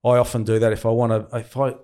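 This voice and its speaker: An Australian man in his early fifties, speaking in a relaxed, chatty way as an interview guest. He tells stories and laughs at his own blunders, with a voice pitched in the middle range for a man. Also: fast talker. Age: 50s. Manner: relaxed storyteller, laughs at himself. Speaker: guest, cricket commentator and radio host. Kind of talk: casual interview chat.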